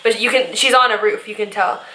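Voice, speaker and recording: A young woman vlogger reacting to music, gushing and rambling excitedly with lots of fillers. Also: mid-range voice, brisk, slight background noise. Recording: echoey room.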